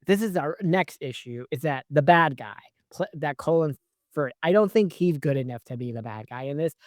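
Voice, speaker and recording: Casual film reviewer, mid-pitched, dry close sound, rambling and profane with constant filler asides. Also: no echo. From based in New York. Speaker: movie reviewer.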